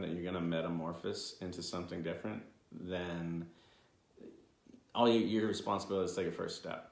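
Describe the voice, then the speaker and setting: A man's voice: deep voice, echoey room. A man co-hosting a podcast, talking earnestly and motivationally with jokes mixed in. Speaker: podcast co-host. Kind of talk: casual conversation.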